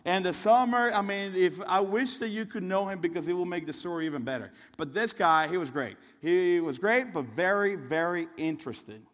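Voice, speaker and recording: A fairly high-voiced young man preaches a sermon, telling a story in a chatty, rambling way. His voice rings out with the long reverb of a big hall. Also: normal speed, hardly any pauses, a bit bright. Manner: conversational and storytelling, with restarts and asides.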